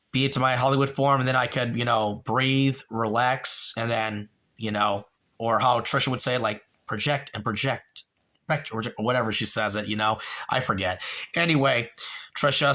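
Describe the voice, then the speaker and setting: A man's voice: mid-range voice, pushed and bright. A man hosting a livestream, chatting to viewers in a rambling, repetitive way, calling them by name and swearing. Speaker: livestream host. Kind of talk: casual livestream chat answering viewers.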